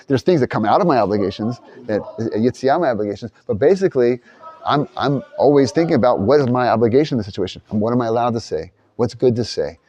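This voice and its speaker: A man's voice: medium pitch, animated, quick pace, warm tone, dull audio. A man leading a casual Torah class discussion, loose and rambling, thinking aloud with frequent restarts. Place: study hall.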